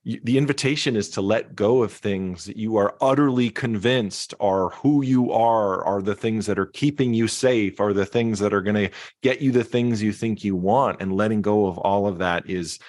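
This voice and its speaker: A man's voice: on the low side, moderate pace, a little mellow, dry recording, clean studio sound. A man, a musician and speaker, reflecting as a podcast guest, with many restarts and fillers. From Canada. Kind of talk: casual interview talk.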